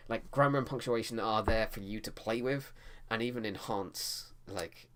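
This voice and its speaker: Man, deep voice, casual writing vlog, loose and rambling with restarts. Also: moderate pace, slight background noise. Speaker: writing vlogger. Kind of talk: casual talk to camera about editing.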